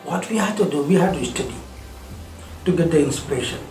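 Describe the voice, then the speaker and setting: A man teaches a spoken lesson, earnest and fond of repeating his points. His voice sits a little high. He is recorded in an echoey room with faint music underneath. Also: animated, a little fast, darkish tone. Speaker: English teacher.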